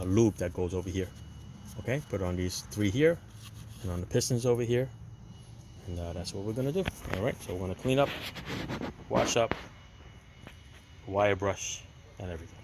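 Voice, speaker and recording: Chatty low-voiced man explaining car repair. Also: background noise. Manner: chatty, addresses viewers as "people"; blunt, opinionated advice. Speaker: DIY car repair channel host. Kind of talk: casual how-to walkthrough.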